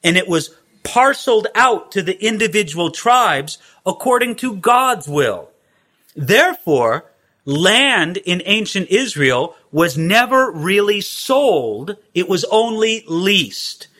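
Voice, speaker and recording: Bright-voiced male Bible teacher. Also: sits high, very animated, slow. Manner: conversational with wry asides.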